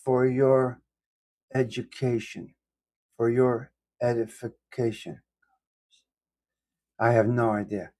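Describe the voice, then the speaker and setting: A man's voice: medium pitch, flat delivery, takes it slowly, long pauses, darkish tone. A man hosting a casual live-stream coffee chat, rambling and self-deprecating as he greets viewers by name. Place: indoors at home.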